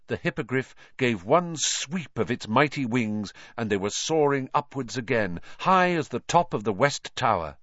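Expressive male audiobook narrator. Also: medium pitch, moderate pace, hardly any pauses, dry recording, dull audio. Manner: expressive reading, doing the characters' voices.

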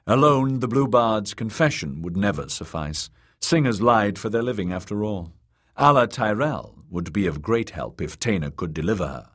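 A man narrating an audiobook in a measured, dramatic reading. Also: lowish voice, lively intonation, fairly bright tone.

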